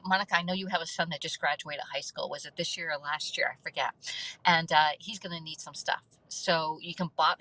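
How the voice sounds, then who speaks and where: A woman's voice: low-pitched, pushed and bright, no echo, low-quality recording. A middle-aged woman hosting a casual livestream, chatting and thanking viewers by name between laughs. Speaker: livestream host.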